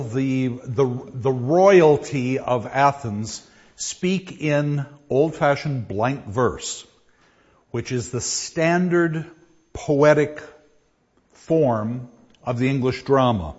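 A man's voice: mid-range voice, expressive, a little mellow, breathy edge. Lecturing man, dull lo-fi recording. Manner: explains with examples, reads lines aloud with pauses. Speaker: teacher. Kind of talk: classroom lecture. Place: classroom.

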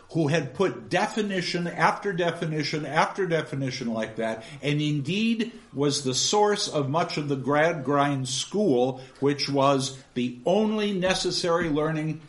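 A man giving an informal literature lecture in an animated, digressive, chuckling way. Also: on the high side.

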